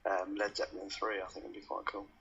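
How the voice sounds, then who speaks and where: A man's voice: low voice, little pitch movement, quick pace, gravelly, sharp tone, husky, highs cut off. A man co-hosting a radio show, laid-back and wry, laughing easily. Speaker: radio co-host. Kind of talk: casual chat.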